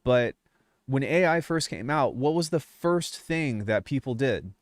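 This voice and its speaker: A man's voice: mid-range voice, lively intonation, a little slow, dry recording. Young male streamer, profane rambling rant, mid voice, dry mic. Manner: swears a lot, rambling, fired up. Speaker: music producer YouTuber. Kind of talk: casual livestream rant.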